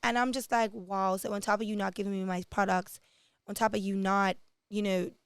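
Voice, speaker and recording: A woman's voice: medium pitch, brisk, smooth, no echo, studio quality. A woman entrepreneur from Bermuda, a podcast guest, telling her business story candidly and acting out the dialogue she quotes. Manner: animated, acts out quoted dialogue.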